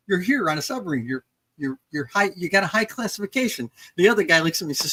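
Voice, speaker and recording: An older woman author telling a story in casual conversation, animated, acting out dialogue with some restarts. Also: on the low side, fast talker, husky.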